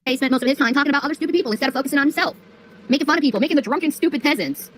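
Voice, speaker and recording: A woman's voice: high voice, very fast. A woman streamer on a profane rant, mocking and scolding her critics. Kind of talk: profane ranting livestream.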